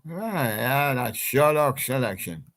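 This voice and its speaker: A man's voice: medium pitch, very animated, slow, fairly bright tone. A man hosting a homemade radio show, presenting toy characters' song picks with whimsical, chuckling patter. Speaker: home radio show host.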